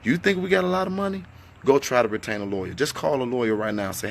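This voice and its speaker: A man with a gravelly, mid-pitched voice speaks to his followers with fervor. He fires off rhetorical questions and at times drops to a hushed tone. He is talking in an echoey indoor space. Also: lively intonation, fast talker, slight background noise. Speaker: activist addressing followers. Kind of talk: impassioned livestream talk.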